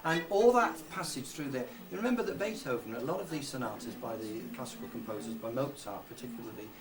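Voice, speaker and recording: A man's voice: mid-range voice, expressive, fast, background noise. A man teaching a violin student from the piano, patiently explaining phrasing and checking that he is understood. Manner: sings rhythms to demonstrate, patient, asks if understood. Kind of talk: music lesson coaching. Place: rehearsal room with piano. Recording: distant mic with piano in the room.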